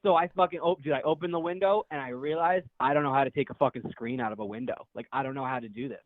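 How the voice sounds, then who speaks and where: On a tinny phone line with no room sound, a young caller with a mid-range voice talks quickly through a rambling, profane story, laughing throughout. The recording is dry, and the tone is casual.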